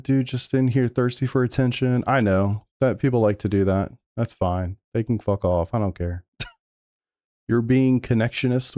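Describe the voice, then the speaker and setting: A man's voice: mid-range voice, dark tone, dry recording, clean studio sound. A man streaming sim racing live, talking over race replays and arguing back at his chat with plenty of swearing. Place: home sim racing room.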